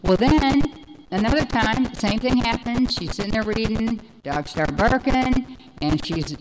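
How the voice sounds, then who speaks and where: A woman in her forties giving a personal recovery testimony, rambling and animated, with many fillers. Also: a little high, measured pace, music in the background, low-quality recording. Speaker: speaker sharing recovery story.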